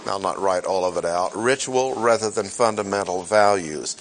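A man teaching scripture in a sermon, speaking deliberately, repeating key phrases and putting rhetorical questions to his listeners. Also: low-pitched, slight background noise. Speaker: pastor teaching a Bible class. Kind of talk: sermon-style Bible teaching.

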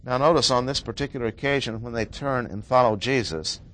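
A man's voice: medium pitch, fairly quick, a bit bright. A man preaching a sermon, explaining a Bible passage with emphatic repetition of key words.

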